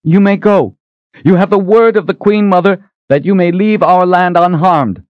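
A man's voice: high-pitched, moderate pace, no echo, highs cut off, voice pushed up, natural voice. A man voicing an imperious older queen mother, stern and commanding. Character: imperious old queen mother, proud ruler.

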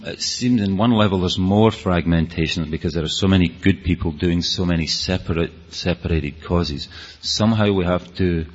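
A man with a Scottish accent giving an earnest, rambling talk to an audience, often restarting his sentences. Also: deep voice. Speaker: speaker. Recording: dull, lo-fi hall recording.

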